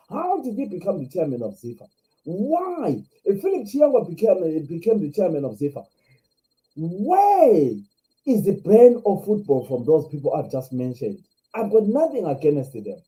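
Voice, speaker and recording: A man's voice: sits high, very animated, moderate pace, dark tone, low-quality recording. A Zimbabwean man hosting a live stream, speaking with passion, repeating himself and firing off rhetorical questions. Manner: impassioned, repetitive, rhetorical questions. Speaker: live show host.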